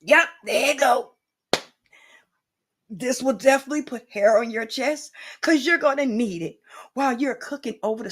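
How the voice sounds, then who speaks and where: A woman hosting an improvised comedy cooking show, rambling in a playful way with asides to the viewer. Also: on the high side.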